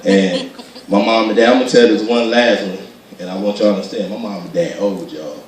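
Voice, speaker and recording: A man doing stand-up storytelling, animated and acting out voices as he laughs through his jokes. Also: on the low side, brisk, slight background noise. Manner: animated, acts out voices, laughs while telling. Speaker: stand-up comedian. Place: gospel comedy show venue. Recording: echoey hall from far off.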